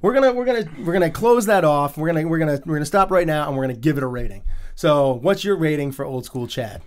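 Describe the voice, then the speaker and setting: A man hosting a casual movie podcast, animated and laughing often as he acts out scenes. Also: on the high side, fast. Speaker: podcast host.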